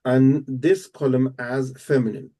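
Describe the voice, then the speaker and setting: A man teaching a live language lesson, explaining step by step and repeating words slowly and patiently. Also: mid-range voice, steady tone, warm tone. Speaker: Arabic teacher.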